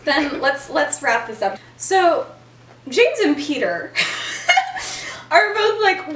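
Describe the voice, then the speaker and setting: A young woman casually retelling a story as a podcast host, giggly and animated, with lots of fillers. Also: high voice, very slow, pauses often, recorded from a distance. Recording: echoey room, voice off-mic.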